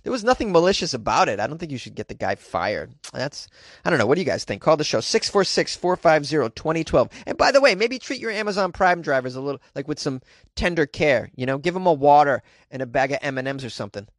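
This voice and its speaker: A young adult man hosting a comedy podcast from a closet, riffing in an animated, self-mocking way. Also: a little high, quick pace, no room sound, studio quality. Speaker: podcast host.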